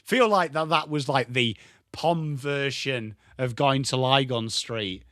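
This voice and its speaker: A young Englishman with an English accent hosting a live football watchalong stream, excitable and sweary, rattling off player names, tired from little sleep. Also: medium pitch, takes it slowly, dry recording, clean studio sound. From England. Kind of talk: live commentary and chat stream.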